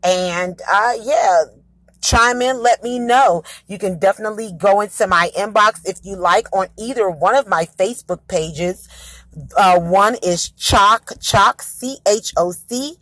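A chatty woman hosts her own casual podcast, upbeat and rambling, stumbling over her words and correcting herself as she goes. Her voice sits at a middle pitch and sounds dry and close, with no room around it. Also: unhurried, a bit bright, no echo. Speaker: podcast host. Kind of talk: casual solo podcast chat.

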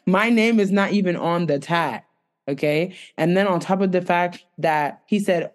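A woman's voice: on the low side, normal speed. A woman co-hosting a home podcast, ranting with exasperation and plenty of swearing while telling a story. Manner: exasperated, profane, animated storytelling. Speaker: podcast co-host. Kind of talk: casual ranting chat. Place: home room with dogs.

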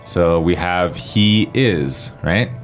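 A man co-hosting a podcast lesson, explaining word by word in a relaxed way. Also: low-pitched, very slow, soft background music. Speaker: podcast co-host.

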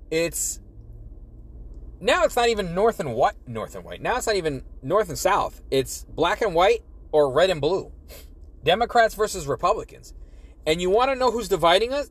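A man's voice: high-pitched, fairly bright tone, dry recording. A young man ranting casually, rambling and profane, repeating himself as he talks. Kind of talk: casual political rant.

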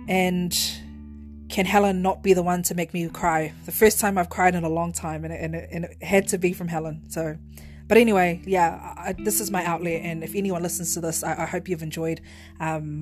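Rambling heartfelt New woman. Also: lowish voice. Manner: rambling, heartfelt, restarts often. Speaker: podcast host. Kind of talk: personal memorial monologue.

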